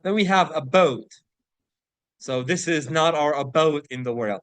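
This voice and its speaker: A man's voice: a little high, fairly bright tone, clear, resonant tone, no room sound. Man teaching English vocabulary, dry sound. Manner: explains and checks in with frequent "right?"; slows to read example sentences and passages aloud. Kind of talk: online English vocabulary lesson.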